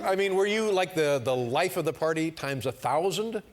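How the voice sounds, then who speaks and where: A middle-aged man hosting a talk show, asking halting questions full of restarts. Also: on the high side, animated, loud music behind the voice. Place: television studio. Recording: noisy studio.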